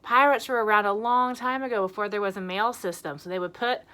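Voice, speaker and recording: A young woman teaching a lesson to small children, speaking slowly, clearly and with lots of encouragement. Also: mid-range voice. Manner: animated, encouraging, slow and clear. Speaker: preschool teacher.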